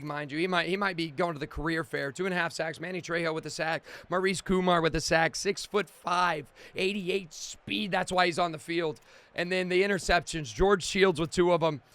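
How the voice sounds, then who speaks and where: A young man streaming a video game, calling the plays in hyped commentary that bursts into loud excited shouts between quick recaps. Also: on the high side, smooth, no echo. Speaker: gaming streamer.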